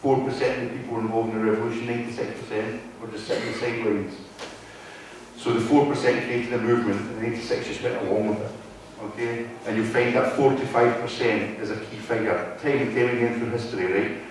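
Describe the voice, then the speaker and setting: A man's voice: mid-range voice, flat delivery, fast, a little hiss or hum. A man with a Wigan accent gives a talk to a live audience, his voice echoing heavily through a hall. He sounds distant from the recorder. He is conversational and keeps checking in with the room. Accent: Wigan, Lancashire. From North West England. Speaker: guest speaker. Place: meeting hall. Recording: very echoey hall from far off.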